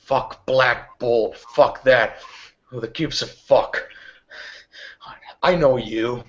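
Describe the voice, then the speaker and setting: A man's voice: medium pitch, slow pace, lightly acted. A game master voicing a furious, foul-mouthed woman gang boss, swearing constantly and hurling accusations. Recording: dull lo-fi recording.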